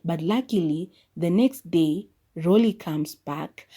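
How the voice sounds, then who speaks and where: A woman's voice: fairly low pitch, slow pace, warm tone, breathy edge. A woman podcast host, retelling a movie's plot in a casual, emphatic, indignant way.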